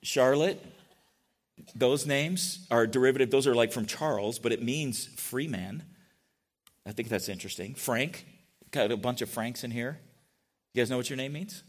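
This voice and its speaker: A man's voice: medium pitch, normal speed, long pauses. Middle-aged pastor chatting with his congregation. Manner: chatty, asks the congregation questions. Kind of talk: conversational sermon.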